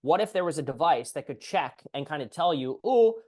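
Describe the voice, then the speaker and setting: Animated male physical therapist coaching. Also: on the high side, fairly quick. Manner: animated, acts out client voices. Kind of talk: coaching call advice.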